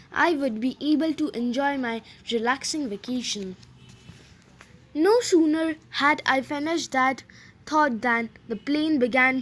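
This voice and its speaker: Woman narrator, children's audiobook, slow and hesitant, high voice. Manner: hesitant, with fillers and slips. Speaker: audiobook reader.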